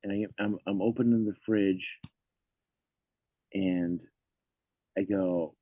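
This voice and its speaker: A comedian in casual podcast chat, an animated storyteller who swears and laughs a lot. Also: male voice, low voice, slow pace, dry recording, phone-quality sound. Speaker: comedian guest.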